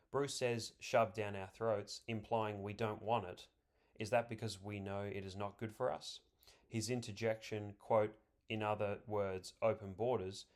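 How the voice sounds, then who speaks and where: A man delivering scripted political commentary, reading quotations aloud in a measured, deliberate way and stressing key words. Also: fairly low pitch.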